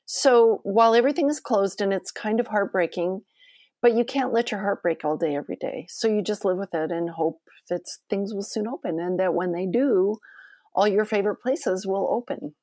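A woman's voice: mid-range voice, normal speed, warm tone, no room sound, clean studio sound. A woman talking as a podcast guest, chatty and effusive, with many fillers. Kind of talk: casual conversation.

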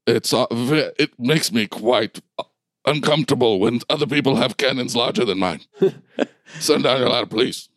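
A man's voice: mid-range voice, normal speed, fairly bright tone, dry recording, clean studio sound, lightly acted. A man voicing a smug, overly polite male bulldog leader in a tabletop game.

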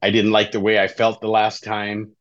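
Lower-pitched man telling his story. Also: completely flat delivery, normal speed, a bit bright, muffled recording. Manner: conversational, often tags sentences with "right?". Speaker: podcast guest, life coach in recovery. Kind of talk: casual storytelling in an interview.

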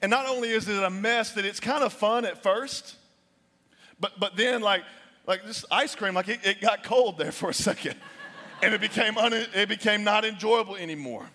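A young adult man preaching a sermon as pastor, animated, sometimes dropping his voice low for emphasis. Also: moderate pace. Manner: animated preaching, drops to near-whispers for emphasis. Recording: long reverb of a large hall.

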